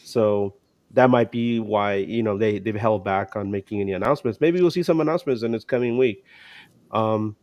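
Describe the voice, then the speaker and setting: Rambling low-voiced man on a sports podcast. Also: moderate pace, darkish tone, no echo, muffled recording. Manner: rambling, many restarts and fillers. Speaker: podcast co-host. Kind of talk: casual sports chat.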